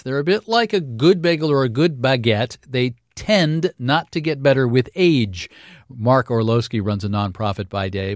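A man hosting a radio business news update, with a brisk, wry delivery. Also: medium pitch, dry recording, clean studio sound. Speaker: news host.

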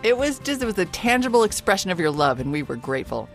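A woman co-hosting a casual podcast, animated and upbeat, laughing easily. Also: mid-range voice, quick pace, faint music behind. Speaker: podcast co-host.

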